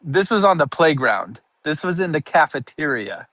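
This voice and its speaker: A young man chats loosely on a livestream, wandering from one thought to the next and laughing at himself. His voice is bright and forceful, close to the mic in a dry, dead room. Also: a little high, sing-song, normal speed, dry recording. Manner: rambling and self-amused, laughing often. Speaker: streamer. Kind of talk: casual livestream chat.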